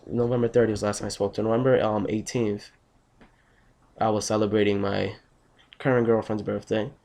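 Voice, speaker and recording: A man's voice: fairly low pitch, gravelly, a little mellow. A young man just out of bed, telling a story on his vlog in a blunt, rambling, heavily profane way. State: just woken up, tired. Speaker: vlogger.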